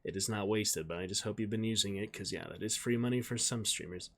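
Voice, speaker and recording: A man's voice: on the low side, quick pace, a little hiss or hum. Man streamer reading a story aloud. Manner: upbeat greetings to chat, steady narration.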